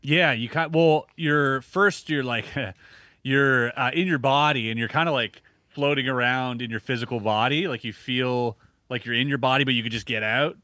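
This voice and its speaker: A man in his thirties, a podcast guest, telling a personal story in a casual, animated way with many restarts, acting out his own reactions. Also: mid-range voice, normal speed, no echo.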